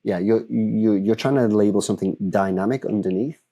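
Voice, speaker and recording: A man's voice: lowish voice, a little fast. A man, a breathwork coach, explaining his methods in a podcast interview and acting out short examples. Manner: animated explainer, acts out examples.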